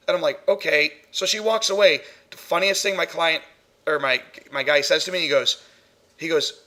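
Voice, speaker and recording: A man hosting a casual paranormal podcast, chatty and quick to laugh while telling stories. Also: fairly high pitch, pushed and bright. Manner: laughs often, chatty storyteller. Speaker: podcast host, paranormal investigator.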